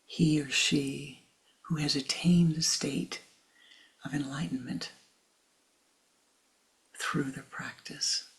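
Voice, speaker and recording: Slow, gravelly woman telling a sacred tale. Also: sits low, steady tone. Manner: hushed, dramatic, often whispering. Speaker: spiritual teacher. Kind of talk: sermon storytelling.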